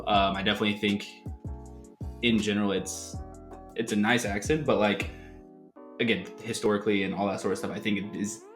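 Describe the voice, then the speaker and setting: A man's voice: on the low side, fairly bright tone, reverberant. An American man, a guest, chatting casually with lots of filler words. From USA. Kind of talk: casual chat.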